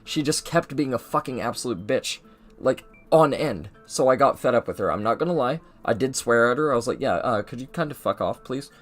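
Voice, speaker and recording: A man's voice: mid-range voice, a little fast, soft background music. Young man rambling through a story. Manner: rambling, animated, mimics people in his story. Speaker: gaming video host. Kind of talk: casual storytelling over gameplay.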